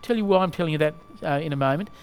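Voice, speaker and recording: A male preacher giving a sermon in a halting way, often asking the listeners questions. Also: on the high side, slight background noise.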